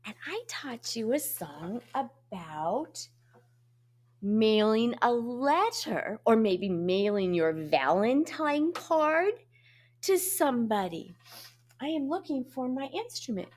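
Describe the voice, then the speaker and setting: A woman music teacher gives a slow, animated lesson to young children, her voice swooping between high and low.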